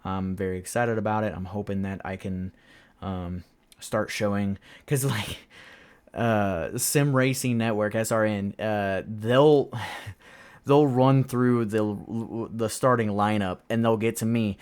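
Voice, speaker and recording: Podcast host, male, low smooth voice, rambling casual delivery with many ums and self-amused laughs. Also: fairly even intonation, a little slow, darkish tone. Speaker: podcast host and sim racing driver. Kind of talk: casual chat.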